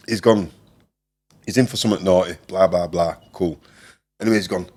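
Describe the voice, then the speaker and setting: A man's voice: deep voice, fairly even intonation, fairly quick, long pauses, a little mellow. A man from Leeds with a Leeds accent, telling stories as a guest in a casual interview, swearing freely and acting out the people in them. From Leeds, England. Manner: swears freely, often laughs, acts out the people in his stories. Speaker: former boxer, guest.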